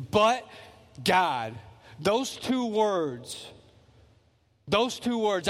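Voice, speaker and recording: Preaching in a large church hall, a male pastor sounds high-pitched with a fairly bright tone. His sermon builds through repeated phrases, earnest emphasis and restarts.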